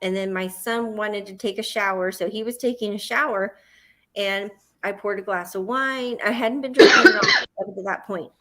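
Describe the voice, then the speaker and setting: A woman with a Southern US accent hosts a livestream, telling a long personal story at a normal pace. Her medium-pitched voice is bright and forceful with huge pitch swings, and she acts out her own panic in the quoted parts.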